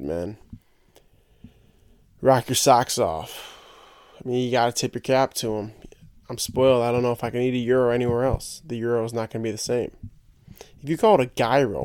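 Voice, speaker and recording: A man's voice: medium pitch, fairly even intonation, moderate pace, a little mellow, smooth, no echo. A young man hosting a podcast, rambling and joking in casual solo chat and tripping over his own words. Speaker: podcast host.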